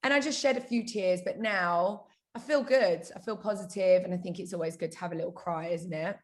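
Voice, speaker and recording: Candid, upbeat woman with a lowish voice. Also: brisk. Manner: upbeat, candid, open about feelings. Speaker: podcast guest. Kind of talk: casual chat.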